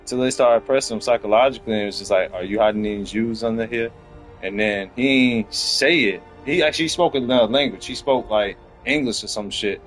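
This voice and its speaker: A young man hosts a loose podcast chat, his voice sitting in a middle register. He tells stories with heat and plenty of swearing, rising into loud bursts. Faint music plays in the background. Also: medium pitch, a little fast, few pauses, rough recording. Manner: heated, profane storytelling that climbs into loud outbursts. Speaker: podcast host. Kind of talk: casual chat.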